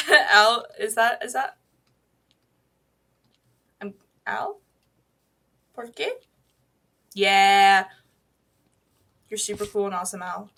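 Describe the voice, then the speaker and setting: A woman's voice: mid-range voice, animated, extremely slow, pauses often, pushed and bright. A woman streaming a video game, chatting casually, rambling from topic to topic, swearing freely and answering her chat. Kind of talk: casual gaming livestream chat.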